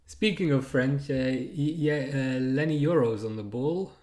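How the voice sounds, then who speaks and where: A man's voice: medium pitch, measured pace, darkish tone, echoey room. A man in his thirties hosting a live football watchalong, chatting, laughing and reading out viewer comments. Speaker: watchalong streamer.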